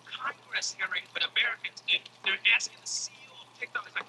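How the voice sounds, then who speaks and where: A man telling a comic story in a casual, animated style, swearing freely and acting out other people's voices. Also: high voice, fast, few pauses, a little hiss or hum, rough recording. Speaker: comedian. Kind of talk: stand-up comedy storytelling.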